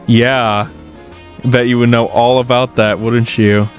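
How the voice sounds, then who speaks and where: A man's voice: mid-range voice, level tone, a little slow, faint music behind. A man giving casual reaction commentary on a horror series, ranting in exasperation and swearing, with frequent restarts.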